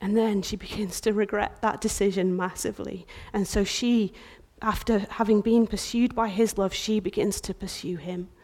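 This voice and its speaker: A woman in her thirties preaching a sermon in a church, impassioned, swinging from loud outbursts to hushed whispers. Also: medium pitch, steady tone, normal speed, few pauses.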